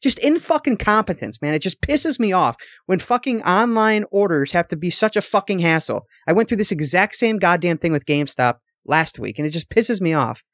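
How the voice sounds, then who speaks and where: A man's voice: high voice, expressive, brisk, few pauses, a bit bright, no room sound. A young man co-hosting a podcast, telling a long, exasperated story full of swearing in casual chat. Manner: profane, exasperated ranting storyteller. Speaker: podcast co-host.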